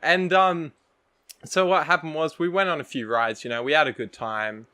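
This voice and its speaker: A young Australian man, a podcast co-host, telling a rambling story among friends in a casual, animated way, with frequent laughs, fillers and restarts. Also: on the high side, normal speed, clear, resonant tone.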